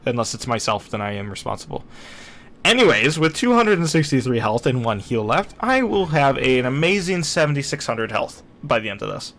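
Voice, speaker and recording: A young man with a medium-pitched, slightly bright voice talks briskly and very animatedly over a replay of his own naval battle game. He's chatty and self-deprecating, acting out what was going through his head at the time.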